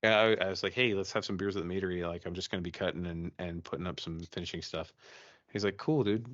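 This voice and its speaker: A man's voice: sits low, steady tone, fast talker, a bit bright, dry recording, muffled recording. A man co-hosting a podcast, chatting casually and telling a ghost story, profane and rambling with many restarts. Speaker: podcast co-host.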